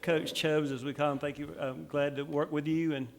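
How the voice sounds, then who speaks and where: Council guy, bit higher voice, short friendly welcome. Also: flat delivery, normal speed, vocal fry. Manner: friendly, brief welcoming words. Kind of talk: council meeting remarks.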